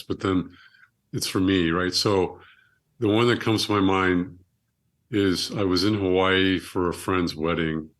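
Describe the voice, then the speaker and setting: Very low male voice, middle-aged, earnest storytelling, reflective podcast guest. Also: a bit bright. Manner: reflective, earnest, with frequent restarts. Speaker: guest, surgeon and author. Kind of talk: conversational storytelling.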